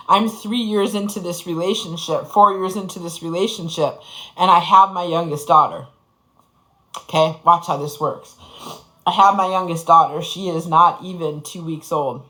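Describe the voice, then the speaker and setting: Telling her own story, this woman in her forties speaks with passion and profanity, hammering points home by repeating phrases. Her lowish voice is steady, bright, and forceful at a moderate pace, captured on a rough recording.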